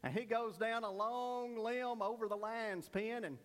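Brief: male pastor, folksy storyteller turned earnest preacher, high-pitched voice, church reverb. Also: measured pace. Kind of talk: sermon with a told joke.

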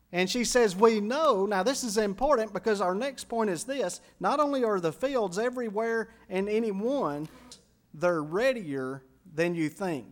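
Male pastor, high-pitched, earnest storytelling sermon voice. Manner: earnest storytelling, quotes people in their voices.

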